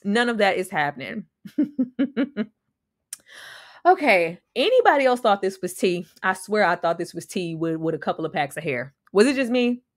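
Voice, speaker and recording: A woman's voice: mid-range voice, big pitch swings, moderate pace, pauses often, no echo, studio quality. A young woman casually reviewing a TV episode, chatty and slangy, laughing often between points. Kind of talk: casual recap and reaction.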